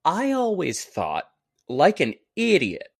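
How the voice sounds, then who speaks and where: A man from Texas co-hosting a laid-back podcast chat. He talks at a middling pitch with plenty of rise and fall, landing self-mocking jokes in a dry way. The sound is close and without room echo. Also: huge pitch swings, takes it slowly, vocal fry. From Galveston, Texas. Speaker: podcast co-host.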